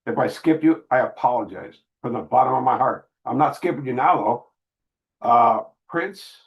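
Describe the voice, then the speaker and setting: A man's voice: medium pitch, moderate pace, lo-fi sound. A middle-aged man hosting a casual livestream Q&A, reading viewer messages aloud and answering candidly in street slang. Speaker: livestream host reading super chats.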